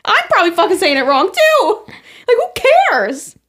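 A woman's voice: very high-pitched, sing-song, normal speed, a bit bright, slight background noise. A woman co-hosting a podcast in casual chat, swearing freely and laughing often. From New York. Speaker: podcast co-host.

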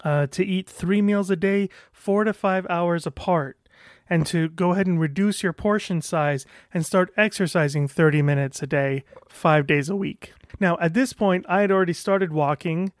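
A man's voice: sits high, normal speed, no echo, studio quality. A man casually describing his own experience, rambling with frequent restarts and frank, sometimes profane language. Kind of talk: casual talk to camera.

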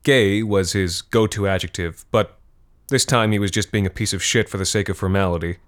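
Deep-voiced man narrating dark fiction. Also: fairly quick. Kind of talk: scripted horror fiction narration.

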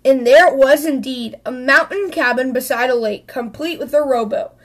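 Woman reading a bear-family picture book aloud, high voice, lively, trips over a word now and then. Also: normal speed. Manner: expressive, with small slips and restarts. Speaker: storybook reader.

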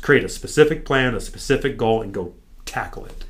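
A man's voice: mid-range voice, fairly quick. An American man, a podcast guest, telling his story in casual chat and acting out what his trainer told him. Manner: animated, acts out his trainer's lines.

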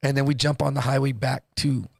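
A man telling a story in a loose, profane, casual way, jumping into higher voices when quoting people. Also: a little fast, vocal fry, no echo, studio quality. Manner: animated, acts out quotes in higher voice. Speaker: guest storyteller.

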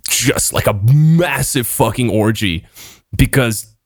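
Young belgian guy on a podcast, swears a lot, storytelling in quick bursts, mid pitch, dry sound. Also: expressive, no echo. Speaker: podcast co-host. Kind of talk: casual podcast banter.

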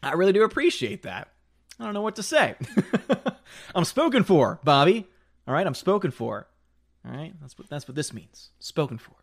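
A man's voice: fairly high pitch, very animated, moderate pace, creaky, pauses often. Chatty man hosting a live stream. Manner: chatty and joking, laughs often. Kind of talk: casual live-stream chat, reading viewer comments.

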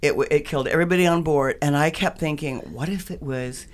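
Animated woman telling dramatic stories. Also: low-pitched, fast. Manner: animated, dramatic, swears freely. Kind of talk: casual storytelling chat.

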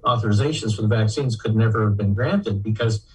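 An older man answering interview questions in a measured way, with hesitations and fillers. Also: fairly low pitch, darkish tone, husky, recorded from a distance, rough recording. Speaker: guest researcher.

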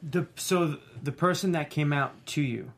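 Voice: mid-range voice, unhurried. Laid-back interviewer asking questions. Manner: relaxed, slangy, brief agreeing replies. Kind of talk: casual interview chat.

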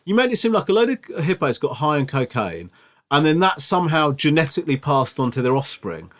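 A man's voice: a little high, sing-song, fairly quick, fairly bright tone. A man co-hosting a podcast, teasing his co-host in dry, casual chat.

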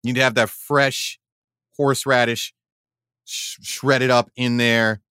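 Speaking slowly in a level, medium-pitched voice that is smooth yet pushed and bright, another podcast co-host chats casually and explains at length with many restarts. The recording is dry and studio-clean.

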